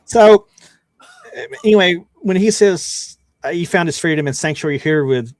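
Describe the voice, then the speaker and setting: A man's voice: fairly high pitch, expressive, normal speed, no room sound, studio quality. A man narrating a tabletop game as game master in a casual way, with many fillers and restarts.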